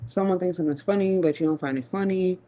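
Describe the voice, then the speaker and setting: Mellow-voiced woman reading tarot slowly. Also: on the low side. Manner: slow, musing, with long hums and pauses; casual and profane. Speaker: tarot reader.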